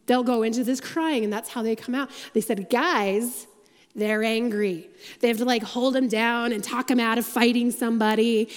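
A woman with a fairly high voice delivering a church message, chatty and self-deprecating, slipping in quick asides as she tells her stories. Her voice carries a long reverb from the large auditorium around her. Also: steady tone. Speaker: church staff speaker giving the message. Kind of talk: sermon.

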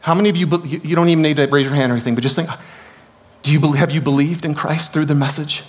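A man preaching a sermon as pastor, swinging from shouts down to hushed, quiet lines. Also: on the high side, steady tone, rapid-fire, slightly rough.

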